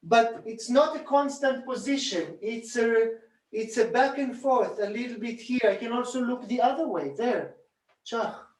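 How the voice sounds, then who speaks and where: A man calmly teaching a hands-on bodywork technique, demonstrating as he talks and repeating rhythmic sounds while he works. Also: extremely high pitch, moderate pace. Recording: roomy echo, distant from mic.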